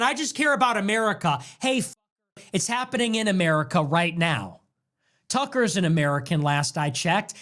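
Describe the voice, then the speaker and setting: A male livestream host in full rant, voice pitched high and swinging widely as he hammers his points with repeated phrases. His voice sounds strained and worn from hours of talking live. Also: a bit bright. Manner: ranting, emphatic repetition. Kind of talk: heated livestream monologue.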